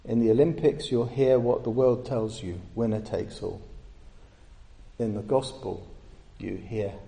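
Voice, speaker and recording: Earnest preacher in an echoey hall. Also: male voice, medium pitch, a little slow, creaky, mellow. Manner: earnest, emphatic, rising on key words. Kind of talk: sermon. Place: church.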